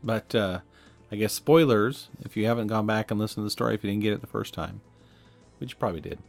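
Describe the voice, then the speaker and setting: Low-voiced reflective male podcast host. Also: quick pace, vocal fry, soft background music. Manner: reflective, conversational, chuckles at himself. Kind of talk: casual chat.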